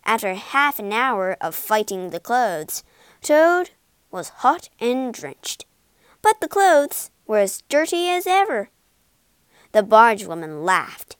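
Woman narrator, storybook read-aloud, slow and animated, dry close sound. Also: a little high, clear, resonant tone, no echo. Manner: expressive, deliberate.

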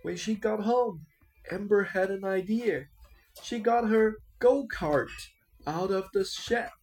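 Slow, expressive woman reading a picture book. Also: mid-range voice. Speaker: storyteller.

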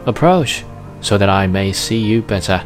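A man voicing a proud, bossy old king who rules a tiny planet, speaking in a loud, commanding manner. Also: lowish voice, animated, normal speed, soft background music, natural voice.

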